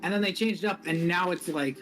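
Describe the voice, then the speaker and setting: A man hosting a game stream in casual chat, animated, swearing constantly and laughing through his lines. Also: high voice, brisk, music in the background. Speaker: streamer and host.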